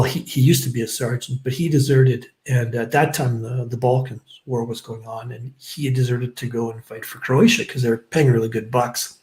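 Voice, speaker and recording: A man's voice: mid-range voice, darkish tone, low-quality recording. A middle-aged man, a podcast guest telling stories in a casual, rambling way with lots of ums and uhs and offhand swearing. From Canada, British Columbia. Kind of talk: casual storytelling interview.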